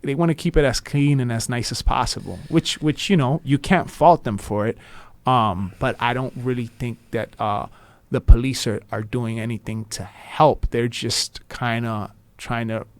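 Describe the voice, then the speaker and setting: A man explains things in a measured way, stopping now and then on small fillers. His voice sits at a middle pitch and is recorded dry and close. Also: fairly even intonation, dry recording.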